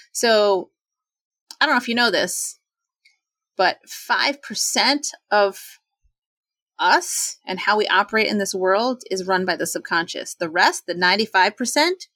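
A woman in her forties in casual talk, chatty and animated, acting out quoted voices with sudden jumps in pitch. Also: no room sound. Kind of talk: casual talk on self-doubt.

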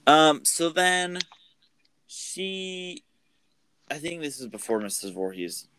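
A man's voice: on the high side, big pitch swings, takes it slowly, background noise. A man casually recapping a film's plot as a podcast co-host, rambling with many fillers. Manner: rambling, filler-heavy storytelling.

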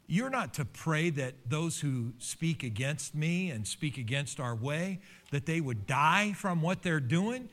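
A middle-aged man, a pastor, preaching a sermon with animated rises in pitch and telling stories from his own past. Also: measured pace. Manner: animated preaching with pitch leaps and personal storytelling.

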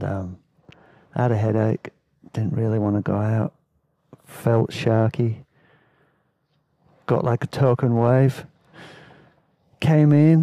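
This podcast host and storyteller shares rambling travel stories in a dark, mid-range voice with vocal fry, recorded with no room sound. His laid-back, casual telling plays like a spoken travel memoir, with occasional laughs.

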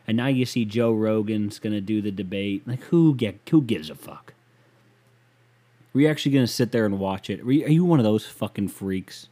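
A man's voice: lowish voice, expressive, normal speed, warm tone. A man hosting a casual solo podcast, rambling, profane and mocking as he rants. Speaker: podcast host.

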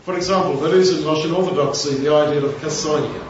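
A man's voice: on the high side, quick pace, recorded from a distance, a little hiss or hum. Man, informal bible teaching, conversational asides, very echoey room, dull lo-fi sound. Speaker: preacher.

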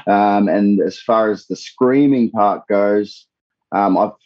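A man's voice: fairly low pitch, takes it slowly, dry recording, dull audio. An Australian man, a singer, chatting casually in an interview, swearing freely and rambling with many restarts. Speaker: tribute band singer, guest.

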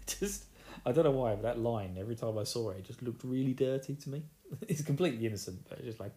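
A man's voice: medium pitch, fairly quick, warm tone. A man with an Essex accent recapping a fantasy novel in casual chat, joking, laughing and acting out characters' lines. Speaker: book recapper.

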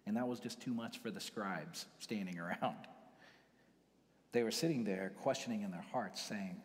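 Low-voiced preaching man, hall reverb. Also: normal speed. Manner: conversational preaching, dropping to hushed whispers for emphasis. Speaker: pastor. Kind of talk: sermon.

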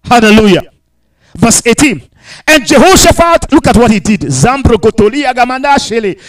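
A man preaching a sermon with emphatic repetition, sudden shouted bursts and quiet asides, breaking into tongues between points. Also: extremely high pitch, very animated, moderate pace, poor audio.

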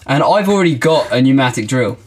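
A man's voice: medium pitch, animated, a little fast. A man co-hosting a casual podcast, talking in a laid-back, slangy way with filler words. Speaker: podcast co-host.

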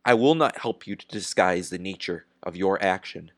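A man's voice: deep voice, animated, no echo. A man voicing a grave, unyielding industrialist. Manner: grave, measured and firm. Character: defiant steel industrialist on trial, calm and unyielding. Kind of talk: audiobook character reading.

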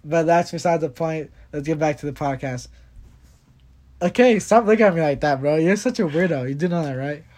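A man's voice: a little high, animated, fairly quick, a little mellow. A young man co-hosting a casual podcast, bickering with his brother, laughing often and repeating himself. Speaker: podcast co-host. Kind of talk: casual chat.

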